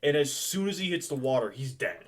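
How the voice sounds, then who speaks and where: A man's voice: mid-range voice, sing-song, brisk. A young man running a tabletop game as game master, chatty and loose, laughing and swearing casually.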